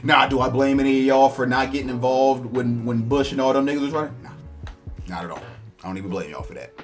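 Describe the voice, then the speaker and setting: A man's voice: medium pitch, fast, soft background music. A man giving a blunt, profane, mocking rant of political commentary. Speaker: online commentator.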